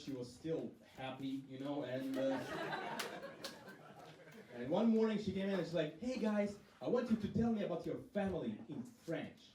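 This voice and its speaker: A man doing stand-up in a club, his voice sitting a little high for a man. He tells stories deadpan and snaps into short quoted voices for other people. The sound is roomy, and the mic picks him up from a distance. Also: a little hiss or hum. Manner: deadpan storytelling with quick acted quotes. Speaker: stand-up comedian. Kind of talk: stand-up comedy set. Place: comedy club stage.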